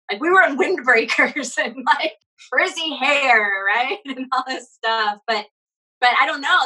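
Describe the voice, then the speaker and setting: A woman in her forties chats on a podcast in a bright, ringing voice. She tells rambling stories full of "like" and asides. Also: fairly high pitch, low-quality recording. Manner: rambling storytelling with frequent "like" and laughs. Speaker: podcast co-host. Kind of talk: casual chat.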